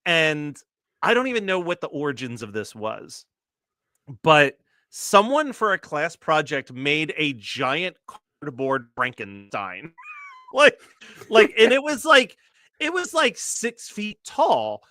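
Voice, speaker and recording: A man in his late thirties co-hosts a casual chat. His voice sits a little high and sounds bright. He rambles through a story with many fillers, and the room sounds dry. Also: sing-song, takes it slowly, no room sound. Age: late 30s. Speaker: co-host.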